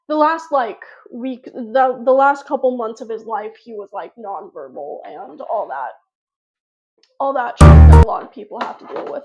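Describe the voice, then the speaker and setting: A woman's voice: a little high, a little mellow, dull audio. A woman vlogger telling a personal story to her viewers in a casual, rambling way, full of fillers and restarts.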